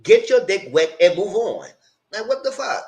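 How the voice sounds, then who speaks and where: A man with a high, swooping voice that jumps all over its range recaps reality TV live. He is blunt and profane and laughs often as he talks. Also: expressive, normal speed. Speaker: channel host reviewing reality TV. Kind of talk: casual live recap commentary.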